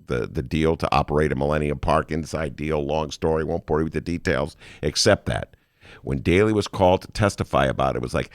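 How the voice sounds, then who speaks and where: A man's voice: very deep voice, fairly quick, dry recording, studio quality. A man hosting a talk show, riffing sarcastically on the news and reading quotes aloud. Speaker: host. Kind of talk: comedic political monologue.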